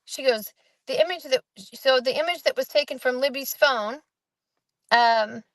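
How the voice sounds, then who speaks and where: A woman's voice: sits high, unhurried, dry recording, low-quality recording. A woman in casual chat, recapping courtroom testimony in a rambling way and acting out the quoted lines. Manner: rambling, quotes witnesses in animated voices. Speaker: host recapping a trial.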